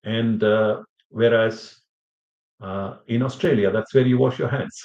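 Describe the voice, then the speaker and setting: Male lecturer, lowish voice, filler-heavy and rambling, quizzing students, roomy muffled recording. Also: fairly even intonation, measured pace, darkish tone. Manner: rambling, many fillers and restarts; addresses students with questions. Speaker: language teacher. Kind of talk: classroom lecture. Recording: echoey room, muffled sound.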